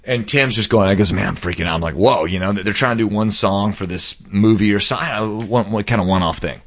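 A man casually telling an animated anecdote, acting out the people in it and singing sound effects. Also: on the low side, brisk, muffled recording. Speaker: storyteller.

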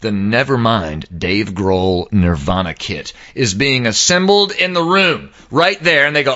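A man casually telling an animated anecdote, acting out the people in it and singing sound effects. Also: lowish voice, measured pace, hardly any pauses, lo-fi sound. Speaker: storyteller.

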